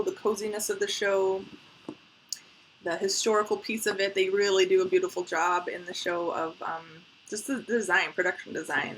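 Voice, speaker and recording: A woman's voice: medium pitch, moderate pace, fairly bright tone, a little hiss or hum. A woman showing her crochet squares in a casual, upbeat, chatty vlog, full of fillers. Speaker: crochet vlogger. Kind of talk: casual show-and-tell.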